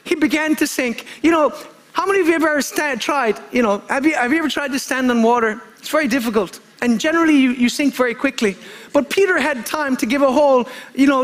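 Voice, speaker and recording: A man's voice: very high-pitched, fairly bright tone. A male preacher giving a fervent sermon, calling out for amens and often repeating himself and restarting his sentences. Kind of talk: impassioned sermon.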